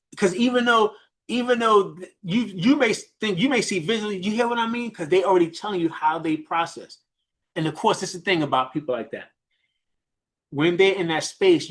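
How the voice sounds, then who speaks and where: A man from New York with a New York accent, a business mentor giving a fast, animated coaching talk on a group call, full of restarts and repeated questions. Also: on the high side.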